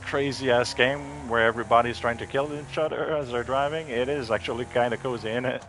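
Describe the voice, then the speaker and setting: A man's voice: medium pitch, fairly even intonation, brisk, a bit bright, a little hiss or hum. Laid-back swearing male gamer. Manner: laid-back, rambling, swears freely, emotional when thanked. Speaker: streamer. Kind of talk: casual live-stream chat while gaming.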